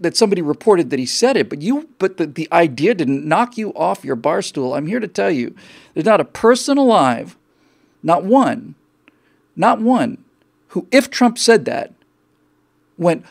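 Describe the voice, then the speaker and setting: A man's voice: sits high, very animated, normal speed, creaky. A man from the United States hosting a show, giving a rambling, sardonic political commentary monologue. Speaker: show host.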